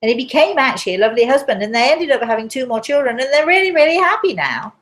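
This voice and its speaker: A woman hosting a live talk show, telling a story in a chatty, animated way. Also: high voice, quick pace. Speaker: host.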